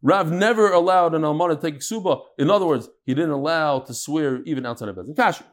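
A man teaching a daily Talmud class, mixing Hebrew and Aramaic terms into lively English explanations. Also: quick pace. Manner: animated, jumping pitch and pace.

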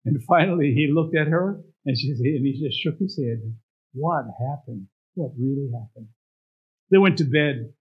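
A man's voice: mid-range voice, moderate pace, husky. A man preaching a storytelling sermon as pastor, often asking the congregation rhetorical questions. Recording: dull lo-fi recording.

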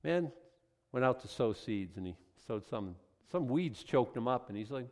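A man preaching a sermon, acting out conversations in an animated, building delivery. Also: medium pitch, normal speed. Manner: animated, acts out dialogue with rising intensity.

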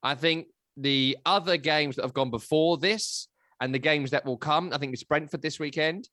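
A man, hosting a casual football analysis chat, chatty and animated. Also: fairly high pitch, moderate pace, dry recording, studio quality. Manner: animated, chatty, breaks into silly voices. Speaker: football podcast host.

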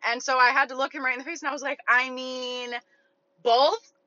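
A woman's voice: sits high, little pitch movement, rapid-fire, sharp tone, dry recording. A young woman telling a story in a casual, blunt, profane way, full of fillers. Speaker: online content creator. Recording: dull lo-fi recording.

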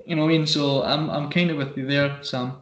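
A man hosts a casual podcast in a slightly raised voice. His swearing and animated stories echo around the room. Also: a little high, fairly quick, dull audio. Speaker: podcast host. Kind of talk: casual banter.

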